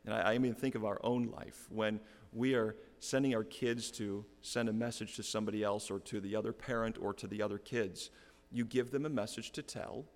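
A man's voice: on the low side, fairly even intonation, a little fast. A middle-aged man preaching a sermon, explaining a text earnestly and repeating key phrases for emphasis. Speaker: pastor. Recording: long reverb of a hall.

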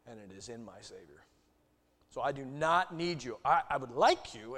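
A male pastor preaching a sermon, swinging from loud bursts to hushed asides. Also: on the high side. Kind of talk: sermon teaching. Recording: long hall reverb.

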